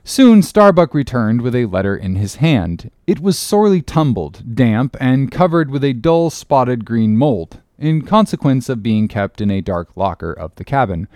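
A man narrates an old novel with a lively, rising and falling pitch and a measured pace. The recording is dry and close, with no room sound. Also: no echo. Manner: measured, expressive storytelling. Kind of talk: audiobook reading of a classic novel.

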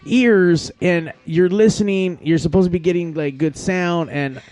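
A man's voice: sits high, measured pace, a little mellow. A man hosting a podcast, swearing freely, laughing often and teasing his guest in loose casual banter. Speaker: podcast host.

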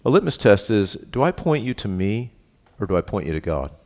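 A man's voice: fairly low pitch, sing-song, brisk, darkish tone. A middle-aged man preaching a sermon as pastor, reading scripture and explaining it in a casual, conversational way, often checking in with a tag question and joking about himself.

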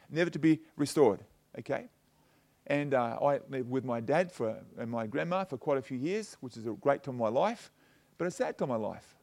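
This is a middle-aged male pastor with a notably high-pitched voice. He preaches in a loose, chatty way, telling personal stories and leaning on "you know" and "okay?" to keep the congregation with him. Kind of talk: conversational sermon.

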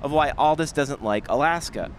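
A man's voice: on the high side, normal speed. A man hosting a walking vlog, joking and asking teasing questions outdoors. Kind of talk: casual chat while walking. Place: outdoors on a city street. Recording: faint street traffic noise.

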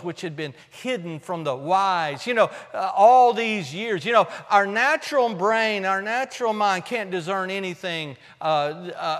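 Passionate high-voiced preacher in a hall. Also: male voice. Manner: passionate, swings from shouting to hushed; folksy, humorous asides. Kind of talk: sermon.

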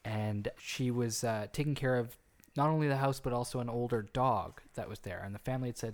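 A man's voice: medium pitch, fairly quick, few pauses. A man casually telling an urban legend on a podcast, rambling with restarts. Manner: rambling, frequent restarts and fillers. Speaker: podcast co-host telling a story. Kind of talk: casual storytelling chat.

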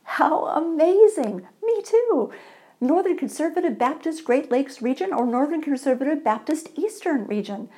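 A woman voicing an excitable churchgoing man in a joke, gushing and rising into shrill delight. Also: a little fast, hardly any pauses, lightly acted. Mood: eager.

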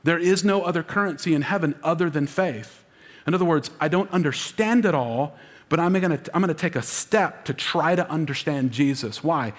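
The sound is of a big room, where a lead pastor with a somewhat high voice preaches an Easter sermon at normal speed. Emotion runs high as he invites the congregation's call-and-response.

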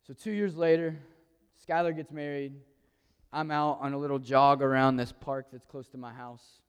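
Storytelling man in a reverberant hall. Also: a little high. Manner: lively, acts out quoted dialogue. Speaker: speaker telling a personal story. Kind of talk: conversational storytelling talk.

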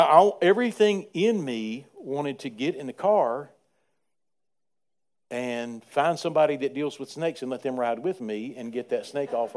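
Pastor preaching with dramatic swings. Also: male voice, mid-range voice. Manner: swings between quiet and loud emphatic preaching; repetitive, rhythmic phrasing. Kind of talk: sermon.

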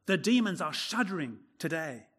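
A man preaching a sermon from the pulpit with emphatic, expressive delivery. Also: on the high side, normal speed, slightly rough. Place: church. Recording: long church reverb.

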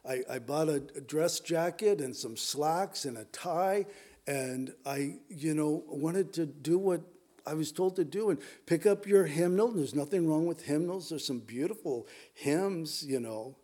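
Conversational male pastor, fairly high voice. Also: a little slow, warm tone. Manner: conversational, with many restarts and asides to the congregation. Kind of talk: sermon.

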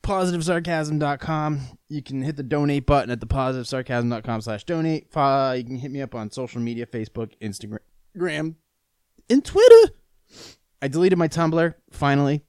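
A man's voice: medium pitch, fairly quick, smooth, dry recording, clean studio sound. A man hosting his own podcast in a rambling, profane, self-mocking chat, struggling with the hiccups. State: has the hiccups. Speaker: podcast host. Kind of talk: casual solo podcast rant.

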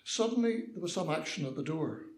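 A man's voice: fairly high pitch, expressive, a little fast, reverberant. An older Northern Irish man telling a personal story with mischievous liveliness, acting out the voices.

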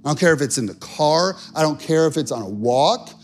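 Guy pastor preaching, kinda high voice, chatty and earnest, soft music behind. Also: expressive, a little fast. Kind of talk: sermon.

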